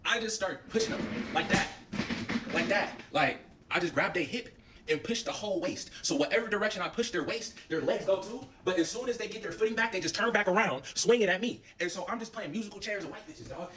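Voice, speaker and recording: A young man casually telling a story, animated and full of slang and swearing. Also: high-pitched, fairly quick, recorded from a distance, a little hiss or hum.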